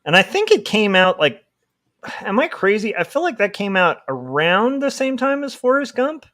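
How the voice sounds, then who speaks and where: Young male streamer, chatty and giggly, animated pitch, casual desk-mic talk. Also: moderate pace. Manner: chatty, giggly, rambling with many fillers. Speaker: livestreaming comic artist. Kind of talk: casual livestream chat while drawing.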